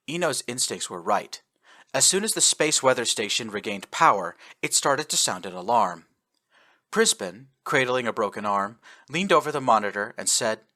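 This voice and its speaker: A man narrating a science fiction fan fiction story with an expressive, animated reading. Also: lowish voice, normal speed.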